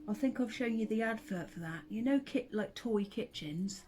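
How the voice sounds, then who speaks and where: In a mid-range, darkish voice with lively intonation and a moderate pace, a middle-aged mother who vlogs shares family stories over a casual chat. Laughter comes often, and at times she drifts into whispering. The audio is poor.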